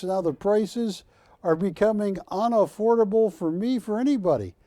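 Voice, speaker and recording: A man hosting a live shopping channel, pitching art to callers with persuasive repetition. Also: dark tone, dry recording, studio quality. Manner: persuasive, repeats words for emphasis. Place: TV studio.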